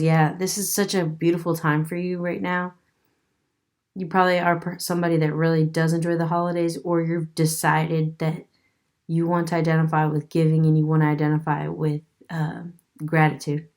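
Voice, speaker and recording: A woman's voice: sits low, a little mellow. A woman doing a casual tarot reading, musing aloud as she turns over cards and laughing now and then. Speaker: tarot reader.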